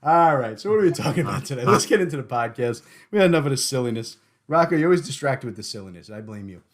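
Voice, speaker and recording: A man hosting a podcast in casual chat, joking and animated, often stumbling and repeating words. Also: mid-range voice, fast. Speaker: podcast host.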